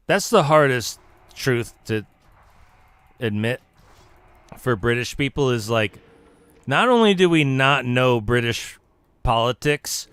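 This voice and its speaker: A man holds forth on a live stream in a playful, mock-serious lecturing tone, often stopping and restarting his sentences. His voice sounds smooth and clear, and it is picked up dry and close on a desk mic. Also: mid-range voice, fairly bright tone, no room sound. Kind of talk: casual live stream rambling.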